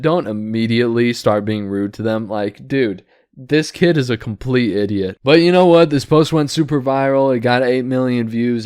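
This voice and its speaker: A man's voice: mid-range voice, a little mellow, clear, resonant tone, no room sound, clean studio sound. A man hosting a casual reaction commentary, ranting with disapproval and leaning on fillers and restarts. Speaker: commentary host.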